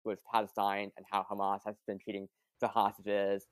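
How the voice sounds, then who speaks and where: A woman casually recapping a movie plot for a podcast, with lively quoted asides. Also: extremely low pitch, moderate pace, clear, resonant tone, no echo. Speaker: podcast guest.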